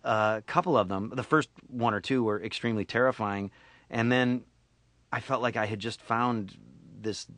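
A man with an upstate New York accent and a nasal voice, a voice actor telling stories in a casual radio interview, with quick turns into impressions. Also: lowish voice, no echo. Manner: animated storyteller, slips into impressions and laughs often. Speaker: voice actor guest.

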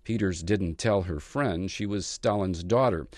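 A man delivering a scripted radio news report in a measured, even manner. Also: low-pitched, dry recording, clean studio sound.

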